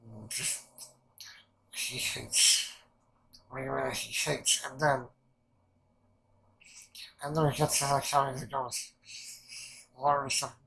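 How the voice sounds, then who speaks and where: A man hosting an anime reaction video, rambling excitedly with plenty of swearing and filler words. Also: mid-range voice, takes it slowly, gravelly, pauses often, poor audio. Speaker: anime reaction channel host. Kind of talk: casual anime reaction commentary.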